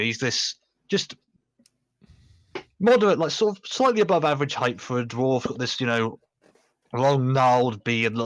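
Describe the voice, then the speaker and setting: A man's voice: mid-range voice, fairly bright tone, dry recording. Guy running a tabletop game, rambly descriptions, dry close mic. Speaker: game master.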